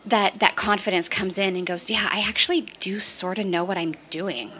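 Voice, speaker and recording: Bright, animated woman telling her story. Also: mid-range voice, moderate pace. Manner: animated, laughing, acts out quoted voices. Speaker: podcast guest, real estate investor. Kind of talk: casual interview storytelling.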